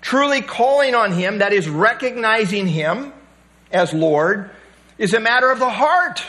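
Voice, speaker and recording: A man's voice: high voice, fairly bright tone. A male pastor preaching a sermon, emphatic and repeating key phrases for weight.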